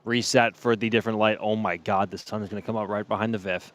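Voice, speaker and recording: A man working the cameras at a launch, talking in a hurried, half-panicked, excited way. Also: lowish voice. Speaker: camera operator co-host. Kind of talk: casual chat.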